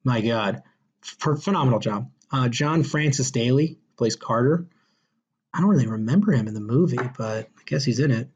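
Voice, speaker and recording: A man hosting a casual podcast chat reviews a movie with enthusiasm, rambling along with plenty of fillers and restarts. His voice is medium-pitched and slightly rough at a normal pace, and the recording has a dull, lo-fi sound.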